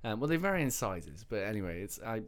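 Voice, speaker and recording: A man's voice: on the low side, fast. Chatty man telling a story. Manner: animated storyteller, acts out quoted voices. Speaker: podcast host. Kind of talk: casual chat.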